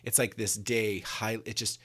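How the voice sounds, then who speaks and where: A man's voice: fairly low pitch, flat delivery, measured pace, fairly bright tone. A man co-hosting a casual faith podcast, earnest, telling stories and acting out inner thoughts. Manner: earnest, storytelling, acts out inner voices. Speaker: podcast co-host.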